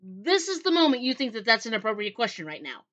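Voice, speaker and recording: A woman voicing an exasperated young female time traveler who protests rapidly and emphatically. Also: fairly high pitch, very animated, a bit bright, muffled recording, pitched above the performer's own voice, full character voice.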